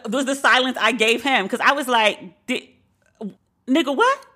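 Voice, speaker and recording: A divorced woman hosting a podcast, telling a candid dating story with lots of swearing and acted-out quotes. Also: a little high. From Brooklyn. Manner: animated, profane, acts out quoted dialogue. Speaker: podcast host.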